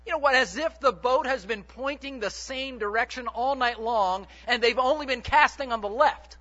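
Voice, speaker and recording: A man preaching a sermon in an animated, joking way, often putting questions to the congregation. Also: very high voice, normal speed, highs cut off.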